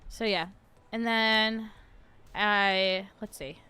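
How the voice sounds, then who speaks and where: A woman's voice: mid-range voice, steady tone, drawn-out words, sharp tone, clear, resonant tone. A young adult woman hosting a casual livestream, chatty and playful, laughing often as she rants about food. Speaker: podcast host.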